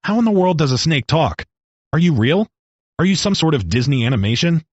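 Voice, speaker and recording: A man voicing a parched, dazed stranded man in a storybook reading, croaking out anxious questions. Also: medium pitch, lively intonation, a little fast, no echo, lo-fi sound.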